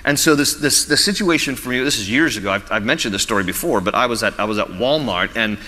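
A man's voice: mid-range voice, animated, quick pace, bright, forceful tone, in a large hall. A man preaching a sermon as pastor, storytelling with humor and frequent chuckles.

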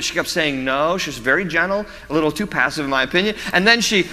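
A man's voice: on the high side, quick pace, hardly any pauses, pushed and bright. A man preaching a sermon as pastor, mixing scripture teaching with humorous personal stories and laughter. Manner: storytelling, self-deprecating humor with laughs. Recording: reverberant hall.

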